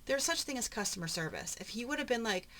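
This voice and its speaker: A woman vlogging as she flips through her craft journal, chatting in a rambling, talkative way with frequent soft murmured asides. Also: a little high, expressive, fast. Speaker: papercraft vlogger. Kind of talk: casual chatty narration during a journal flip-through.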